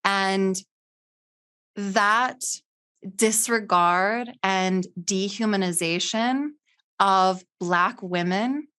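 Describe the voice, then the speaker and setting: A woman's voice: medium pitch, drawn-out words, bright, forceful tone, clear, resonant tone. A woman hosts an interview podcast, her questions impassioned and indignant. Her voice sits mid-range for a woman. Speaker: podcast host. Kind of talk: interview conversation.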